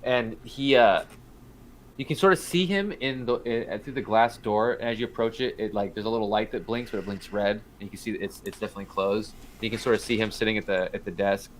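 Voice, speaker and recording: A man's voice: on the low side, fast, slight background noise, low-quality recording. A man narrating as game master in a tabletop game, loose and rambling, with many fillers.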